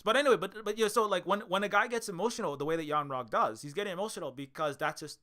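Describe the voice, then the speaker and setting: A man from Hawaii rambles through a casual commentary, jumping between thoughts with fillers and restarts. His voice sits a little high and sounds bright and forward. He talks quickly and loosely. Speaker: video commentator.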